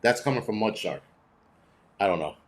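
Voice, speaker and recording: A man's voice: on the low side, animated, moderate pace. Cranky, foul-mouthed man ranting. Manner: cranky, blunt, heavy cursing. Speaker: livestream host reading chat. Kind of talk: profane rambling livestream chat.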